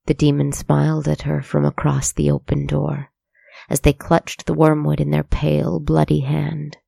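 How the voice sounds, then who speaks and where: Gravelly storyteller, pretty monotone, reads steady, dry close mic. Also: mid-range voice, normal speed, no echo. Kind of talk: scripted narration.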